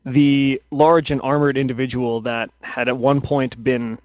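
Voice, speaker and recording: A man's voice: mid-range voice, little pitch movement, measured pace, darkish tone, no room sound, muffled recording. A man narrating a tabletop game as game master, often restarting and hesitating mid-sentence.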